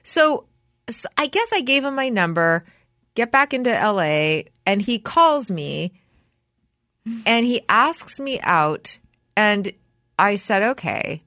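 A woman's voice: takes it slowly, dry recording, studio quality. A middle-aged woman hosting a podcast, telling stories animatedly in a casual chat. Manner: animated storyteller, jumps high when quoting herself. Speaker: podcast host.

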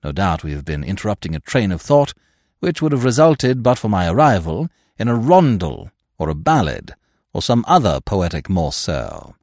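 A talkative young Englishman in a storybook, full of ornate, pompous turns of phrase and dry whimsy, as a male narrator voices him. His pitch rises and falls freely, and the recording is dry and close. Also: huge pitch swings, moderate pace, darkish tone, no echo, heavily acted. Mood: genial. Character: verbose, urbane young Englishman, drily whimsical.

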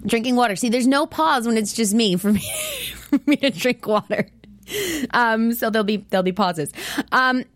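A woman with a squeaky voice hosting a show, chatting casually and rambling with lots of fillers and laughs. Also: lively intonation, moderate pace. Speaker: show host. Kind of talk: casual chat about a TV show.

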